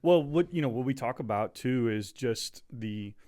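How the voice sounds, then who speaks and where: A man co-hosting a podcast, chatting in an easygoing, halting way about a family outing. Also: medium pitch, animated, darkish tone, dry recording, clean studio sound. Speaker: podcast co-host. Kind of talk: casual chat.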